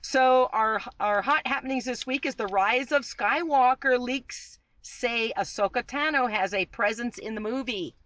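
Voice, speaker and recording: A woman's voice: on the high side, measured pace, hardly any pauses, a bit bright, dry recording, rough recording. A woman hosting a podcast, chatting casually as she reads out fan news items. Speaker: podcast host.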